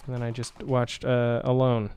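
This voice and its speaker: A man's voice: medium pitch, monotone, moderate pace, darkish tone, clean tone. A man hosting a casual, crude podcast, telling stories animatedly, swearing often and laughing a lot. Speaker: podcast host.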